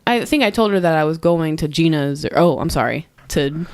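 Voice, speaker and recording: A woman's voice: low voice, animated, brisk, no room sound, clean studio sound. A young woman co-hosting a podcast, telling a story in a rambling, giggly way, full of "like" and restarts. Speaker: podcast co-host. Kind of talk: casual storytelling chat.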